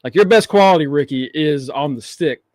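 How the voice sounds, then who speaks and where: A man with a fairly high voice recaps in a relaxed, easygoing way and laughs easily. The sound is dry and close, with no room echo at all. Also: a little fast. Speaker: podcast co-host. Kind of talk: casual wrestling recap.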